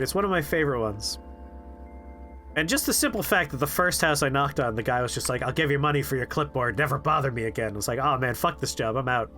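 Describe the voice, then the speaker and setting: Animated man telling a story on stream. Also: fairly high pitch. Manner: animated, quotes people in shifting voices, laughs. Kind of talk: casual storytelling on a game stream. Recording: faint music behind.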